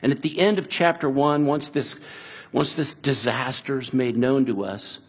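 Husky-voiced man preaching earnestly. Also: medium pitch. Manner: earnest, conversational preaching with restarts and quiet, slowed passages. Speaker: pastor. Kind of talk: sermon.

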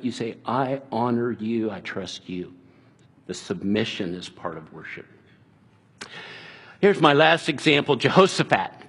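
A man preaching a sermon in an earnest, conversational way, dropping soft and slow at times. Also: medium pitch, husky. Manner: earnest, conversational preaching with restarts and quiet, slowed passages. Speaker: pastor.

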